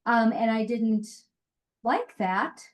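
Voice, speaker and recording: A woman guest in a casual interview, speaking plainly and getting straight to the point. Her pitch sits a little higher than average, and she sounds direct and unfussy. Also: animated, slow pace, slight background noise. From Colorado. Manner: frank, matter-of-fact, speaks her mind. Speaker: funeral director and mortuary educator.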